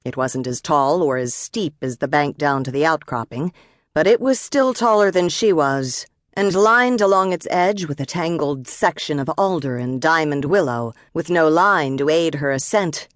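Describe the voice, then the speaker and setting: A woman narrating an audiobook in a measured, expressive storytelling manner, recorded close in a studio. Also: deep voice, no echo.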